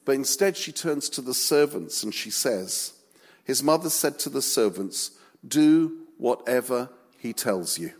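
Male preacher, slow and humorous, recorded in a hall with long reverb. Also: mid-range voice. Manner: humorous, animated storytelling. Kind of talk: sermon.

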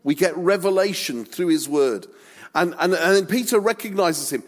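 A man preaching a sermon, telling the story with humor and animated, self-deprecating asides. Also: sits high, moderate pace. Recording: long echoing church reverb.

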